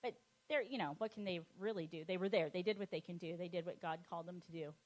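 Speaking quickly in a voice on the low side, this middle-aged woman gives her personal testimony. She's animated and lively, laughs a lot, and acts out the voices she quotes.

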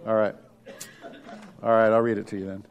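A middle-aged man preaching a sermon as pastor, lively, sometimes dropping to a hush for emphasis. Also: fairly low pitch, a little fast, muffled recording.

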